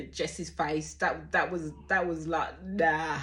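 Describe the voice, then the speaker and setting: Woman, forties, lowish voice, outspoken reality-show reactor who rambles and curses. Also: steady tone, extremely slow, a bit bright. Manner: blunt, outspoken, swears freely; chatty, rambling with restarts. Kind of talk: casual reaction commentary.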